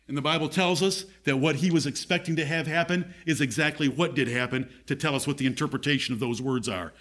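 A man's voice: a little high, fairly quick, hardly any pauses, fairly bright tone. Emphatic preaching pastor, man. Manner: emphatic preaching, reads scripture aloud. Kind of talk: sermon.

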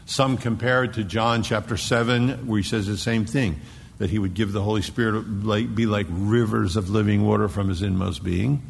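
Male preacher, low gravelly voice, sermon style with hushed emphatic drops; long hall reverb. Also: steady tone, moderate pace. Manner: dramatic drops to a hushed whisper; digressing into Greek word study. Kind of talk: expository sermon. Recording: long echo in a large hall.

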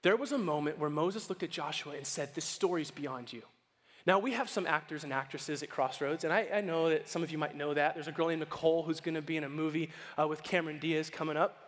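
A man preaching a sermon as pastor, animated and playful, acting out quoted voices as he goes. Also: on the high side, fast talker. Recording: long hall reverb.

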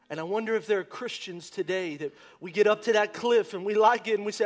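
An impassioned male pastor preaches a sermon in a fairly high voice. He swings from loud shouts down to near-whispers, with soft guitar music under him. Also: a little fast, few pauses.

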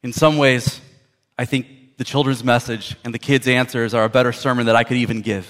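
A man's voice: medium pitch, fairly even intonation, a little fast, fairly bright tone. A man preaching a sermon as a pastor, conversational and storytelling, often repeating words as he builds a point.

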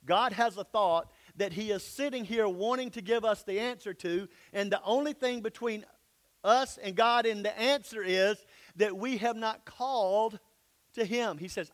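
A man preaching a sermon, reading scripture aloud and then explaining it in a folksy, plain-spoken way. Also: sits high. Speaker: pastor.

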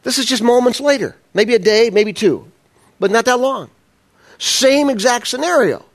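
A pastor delivers an animated sermon in a conversational style, full of rhetorical questions. His pitch is lively and his pace moderate.

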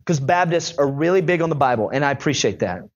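A young male pastor preaching a sermon in a conversational, animated storytelling way. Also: on the high side, fast, dull audio.

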